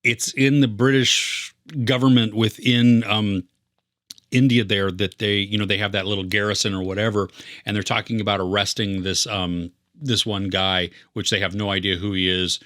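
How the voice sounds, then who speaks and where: A man's voice: on the low side, fairly even intonation, moderate pace, fairly bright tone, no room sound, studio quality. A man co-hosting a casual movie review podcast, earnest and rambling, with many fillers and restarts. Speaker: podcast co-host.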